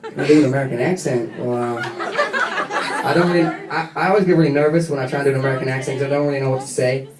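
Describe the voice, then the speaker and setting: In a radio studio room with a live audience, a young British man, a guest singer, chats and jokes through a casual fan Q&A. He is chatty, giggly and jokey, speaking fast in a mid-range voice. The room is echoey, the mic distant, and crowd noise comes through.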